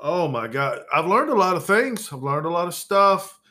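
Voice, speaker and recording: Very animated and high-voiced, the host of his own podcast tears into the news at a moderate pace. He sounds over-caffeinated, cursing, sarcastic and exasperated, with loud eruptions.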